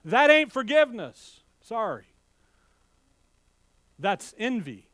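A man preaching a sermon with fiery, animated delivery, swinging between loud outbursts and hushed asides and speaking in a folksy, direct way to his congregation. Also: very high-pitched, a little slow, dry recording. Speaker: pastor.

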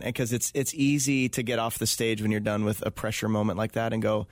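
A man's voice: lowish voice, little pitch movement, a little fast, dry recording, clean studio sound. A man speaking as an interview guest, talking earnestly and reflectively with many fillers and restarts. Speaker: guest, touring event host. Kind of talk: casual interview conversation.

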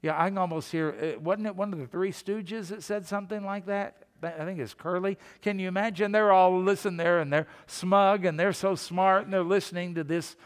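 A man preaching a sermon as pastor, in a folksy, animated storytelling way. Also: high voice, a little fast, hardly any pauses, clean tone, big-room sound.

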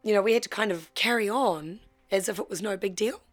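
A woman, telling her life story in a candid, heartfelt way with halting restarts. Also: medium pitch. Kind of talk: personal storytelling.

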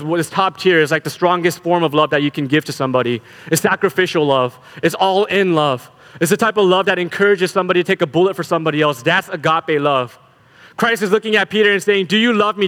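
Male preacher, slightly high voice, animated and repetitive emphasis, long hall reverb. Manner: animated, repeats words when building emphasis. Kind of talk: sermon.

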